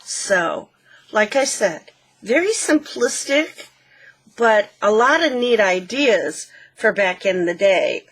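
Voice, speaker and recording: A woman hosting a craft channel, gently walking through a handmade book page by page and pointing out details. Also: mid-range voice, animated, slow, a little hiss or hum. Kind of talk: casual show-and-tell walkthrough.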